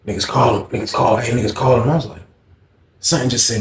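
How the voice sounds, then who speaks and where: A man telling a profane personal story in an animated way, acting out the scenes. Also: medium pitch, quick pace, a little hiss or hum. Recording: roomy echo.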